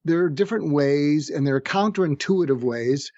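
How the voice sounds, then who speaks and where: A middle-aged man, a psychiatrist guest on a podcast interview, explaining techniques in a calm, methodical way and slowly acting out sample phrases. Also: fairly high pitch, dry recording, highs cut off. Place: room with street noise outside.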